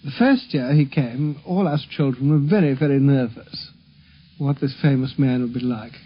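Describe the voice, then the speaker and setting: A man telling amused childhood memories in measured recollection, on a lo-fi 1950s radio recording. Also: medium pitch, husky. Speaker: interviewee reminiscing. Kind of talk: spoken recollection.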